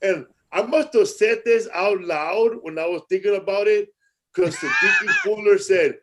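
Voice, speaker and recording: Animated, high-voiced male podcast host. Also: a little slow, a little hiss or hum, low-quality recording. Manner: animated, profane street-slang storytelling, acting out angry quotes. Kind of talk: casual storytelling chat.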